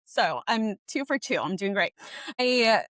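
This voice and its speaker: Woman on a podcast telling her story, teary and rushed, close dry mic. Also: medium pitch, expressive, fairly bright tone, no echo. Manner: tearful, fast, says like a lot. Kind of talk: emotional personal storytelling.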